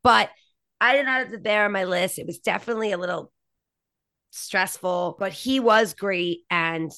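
A woman's voice: medium pitch, normal speed, sharp tone, no room sound, studio quality. A woman co-hosting a podcast, chatting casually and enthusiastically about TV shows and laughing often. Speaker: podcast co-host.

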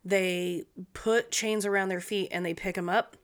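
A woman's voice: medium pitch, fairly even intonation, a little slow. Blunt, swearing woman telling a story. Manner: profane, blunt, wry. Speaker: podcast host telling a true-crime story. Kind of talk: casual storytelling chat.

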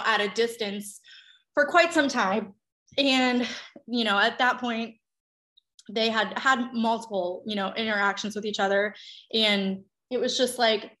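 A woman, a mother in her thirties, telling a personal story in candid casual chat, swearing freely and acting out quotes. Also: pushed and bright. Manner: chatty, swears freely, acts out quotes with big pitch jumps.

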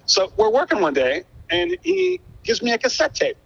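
Animated man telling stories, dull lo-fi sound. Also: extremely high pitch, normal speed, gravelly, a little hiss or hum. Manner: animated, profane, acts out quoted dialogue. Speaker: guest musician. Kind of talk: casual storytelling interview.

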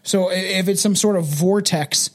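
A man's voice: sits high, moderate pace. A man hosting a casual podcast, rambling with many fillers and swearing, partly reading notes aloud. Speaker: podcast host.

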